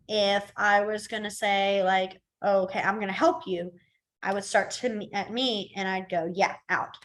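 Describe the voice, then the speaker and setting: A woman's voice: mid-range voice, a bit bright. A young woman teaching a casual class, chatty, with frequent laughs and fillers. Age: young adult. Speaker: sign language teacher.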